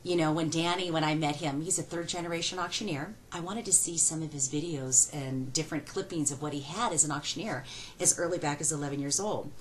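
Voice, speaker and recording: A middle-aged woman auctioneer answering fan questions in a fast, folksy and excitable way. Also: deep voice, a little hiss or hum, low-quality recording.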